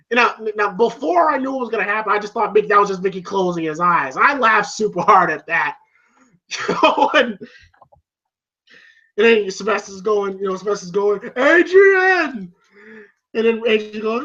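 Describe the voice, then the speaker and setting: Bright-voiced, laughing movie reviewer. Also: mid-range voice, highs cut off. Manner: rambling, laughs often, many fillers. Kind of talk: casual movie review retelling a scene.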